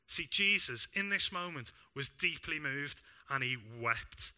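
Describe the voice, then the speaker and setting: Bright, animated young preacher man. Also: on the high side, measured pace, few pauses. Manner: animated, self-deprecating, humorous. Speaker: pastor. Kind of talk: sermon. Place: church.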